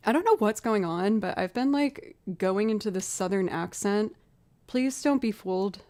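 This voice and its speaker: A woman's voice: medium pitch, animated, moderate pace, dark tone. A woman from outside Boston, a musician streaming live, chatting casually with viewers as she works out chords and beats. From outside Boston, USA. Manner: chatty, thinks aloud, talks to viewers. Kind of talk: casual livestream chat while working out music.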